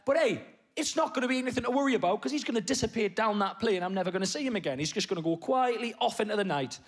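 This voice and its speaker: A man on a comedy stage spins a story in a fairly high voice. He keeps jumping from loud outbursts to low mutters. His pitch moves all over the place. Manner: animated, swings between loud bursts and low muttered asides. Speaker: stand-up comedian. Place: comedy stage before a live audience.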